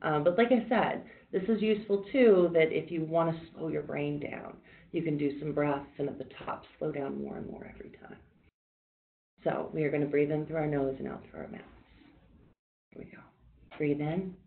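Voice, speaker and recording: A woman mindfulness instructor leading a workshop, talking people through deep breathing in a calm, reassuring, conversational way. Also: a little fast, vocal fry, slight background noise. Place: workshop room. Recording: echoey room on a tinny, phone-like line.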